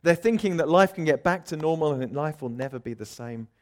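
Male preacher, expressive sermon delivery, acts out quoted voices, loud-to-soft swings. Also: on the high side, fairly quick.

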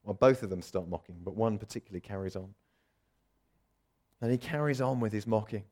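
A man's voice: fairly low pitch, fairly quick. Dramatic man preaching a sermon. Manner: dramatic, acts out quoted voices, swings loud and soft.

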